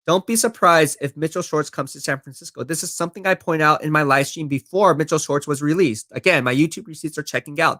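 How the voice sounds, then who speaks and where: A sports streamer talks football live, reading viewer comments aloud and answering them with confident, chatty ease. His voice is on the high side and a bit bright.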